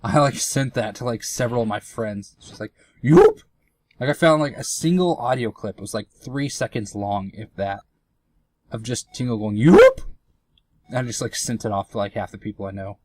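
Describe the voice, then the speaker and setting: A man's voice: lowish voice, fairly quick. A young man giving casual, rambling commentary over a game, full of fillers and self-mocking asides. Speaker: let's play commentator.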